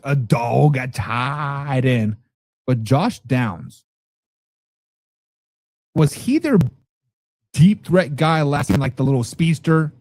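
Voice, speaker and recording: A man hosting a casual football talk show, reading viewer comments and reacting loudly with profanity. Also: medium pitch, no echo, studio quality. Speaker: podcast host reading live chat.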